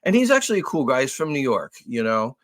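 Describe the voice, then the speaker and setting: A man co-hosting a podcast, telling a long story in a casual, animated way with lots of swearing. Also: medium pitch, fast talker. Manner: animated, profane, acts out raised voices. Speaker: podcast co-host.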